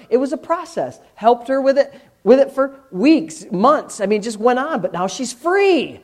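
A man who is a pastor, preaching a sermon to his congregation in church, candid and conversational, swinging from loud bursts to hushed asides. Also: high-pitched, sing-song, moderate pace.

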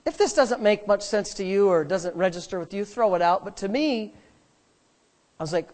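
A man's voice: high-pitched, lively intonation, moderate pace, darkish tone. A man, a pastor, preaching a sermon and driving points home with emphatic repetition.

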